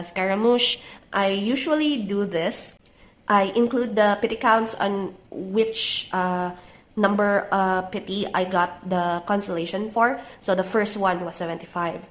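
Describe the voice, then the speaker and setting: A young woman with a cold and a stuffy nose narrates her journal flip-through in a relaxed, casual voice-over, pausing often with "uh". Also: on the low side. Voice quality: soft, relaxed voice-over with many "uh" pauses. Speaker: journaling YouTuber.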